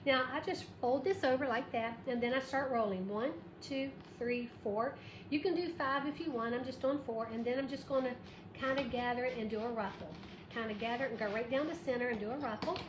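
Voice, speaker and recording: High-voiced chatty woman. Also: fairly quick. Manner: chatty and bubbly, greets viewers by name and counts aloud. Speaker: craft livestream host. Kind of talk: live craft tutorial, chatting with viewers. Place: her craft shop. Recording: echoey room with background noise.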